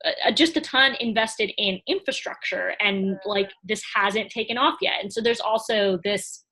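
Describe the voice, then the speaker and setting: A woman chats as a podcast guest in a loose, casual way, sprinkling in "like" and short laughs. Now and then she acts out her own inner voice as she talks. Her voice sits at an ordinary middle pitch. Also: measured pace, sharp tone. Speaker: podcast guest, small business owner and coach. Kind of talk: casual conversational interview.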